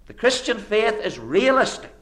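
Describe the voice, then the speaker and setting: A man preaching a sermon in an earnest, rhetorical way, building with repeated phrases and swinging between hushed low phrases and sudden emphatic rises. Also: big pitch swings, moderate pace.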